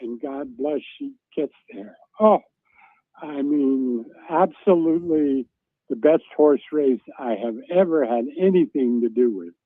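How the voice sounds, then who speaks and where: A man's voice: medium pitch, unhurried, dry recording. Man telling a racing story over the phone. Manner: animated anecdotal storytelling, acts out shouts. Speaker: guest, former racing reporter. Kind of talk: storytelling on a radio talk show. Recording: dry tinny phone line.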